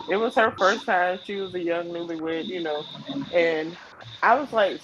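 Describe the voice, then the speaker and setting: A woman's voice: on the low side, moderate pace, muffled recording, background noise. A young woman in casual chat on a video call live stream, telling a story and acting out the voices of the people in it. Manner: animated storyteller who acts out quoted voices.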